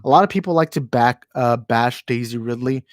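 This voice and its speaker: A man's voice: medium pitch, fairly quick. A man hosting a casual live stream from home speaks into a handheld microphone in a middle-range voice. He rambles, trips over his words and restarts, and often apologizes for his opinions. The sound is dry and close, with no room echo. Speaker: channel host. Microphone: handheld microphone moved closer while talking.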